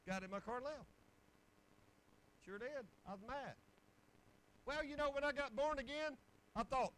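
High-voiced preacher man. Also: expressive, normal speed, pauses often, fairly bright tone, rough recording. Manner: folksy storytelling with bursts of exclamation. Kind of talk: sermon testimony.

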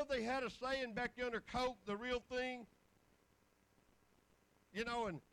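A man's voice: very high-pitched, a bit bright, rough recording. A middle-aged man, preaching a folksy, rambling testimony full of scripture. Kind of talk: sermon.

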